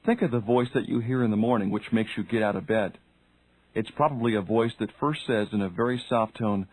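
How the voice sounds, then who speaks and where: A man's voice: lowish voice, fairly quick, darkish tone, no echo, rough recording. A man reading a self-help audiobook, speaking directly to the listener and asking questions. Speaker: audiobook narrator. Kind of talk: scripted self-help narration.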